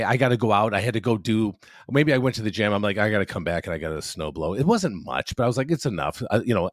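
A man in his fifties tells a rambling story on a casual podcast, swearing freely and acting out every line of dialogue. His pitch swings widely as he talks, and the sound is dry and close with no room around it. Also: dry recording. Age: 50s. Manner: profane, animated storyteller acting out quotes. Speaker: podcast co-host.

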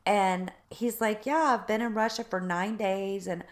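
A woman's voice: mid-range voice, steady tone, unhurried. A Southern woman chats casually with a co-host and tells her stories with animation. She slips into the voices of the people she quotes, lifting and dropping her tone as she plays them out. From Southern United States. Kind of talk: casual chat.

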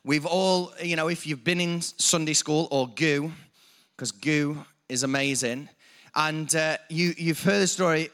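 A man's voice: fairly high pitch, measured pace, a bit bright. A man preaching a sermon, building emphasis with repeated phrases and stopping to correct himself. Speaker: pastor.

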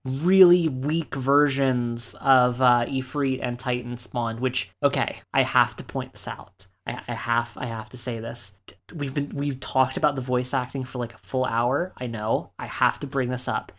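A woman's voice: a bass voice, fairly even intonation, normal speed. A woman co-hosting a casual podcast about a video game, talking animatedly, laughing often and acting out characters. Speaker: podcast co-host. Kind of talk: casual game discussion chat.

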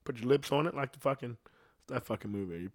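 A middle-aged podcast host goes on a loose, profane rant, wandering from one story to the next and slipping into quick quoted voices. His voice sits at an ordinary middle pitch and is a little mellow.

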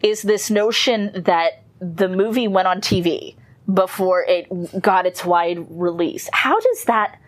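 A woman's voice: fairly low pitch, steady tone, measured pace. A woman co-hosting a film podcast, chatting casually and enthusiastically with plenty of fillers. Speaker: podcast co-host. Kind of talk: casual chat.

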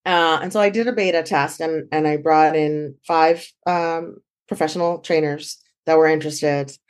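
A woman guest, a dog trainer, telling her story in an animated way and acting out quoted dialogue. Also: sits low, normal speed. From San Francisco Bay Area. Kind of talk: conversational storytelling.

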